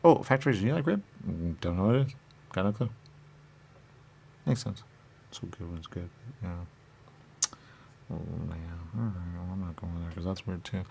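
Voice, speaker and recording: A man's voice: sits low, moderate pace, creaky, long pauses, warm tone, slight background noise. A man as a radio host, delivering a rambling comic monologue and asking and answering his own questions in repetitive loops. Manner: rambling and silly.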